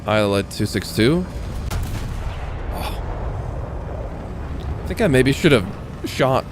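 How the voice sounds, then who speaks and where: Casual sweary American gamer streaming. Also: male voice, medium pitch, expressive, slow, background noise. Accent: General American. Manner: casual, sweary, joking asides to the game. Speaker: gaming streamer. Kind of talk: live gameplay commentary.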